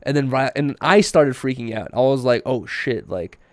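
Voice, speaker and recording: A young man, a podcast host, telling a story in casual chat, animated, laughing often and acting out quotes. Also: mid-range voice, moderate pace, no echo, clean studio sound.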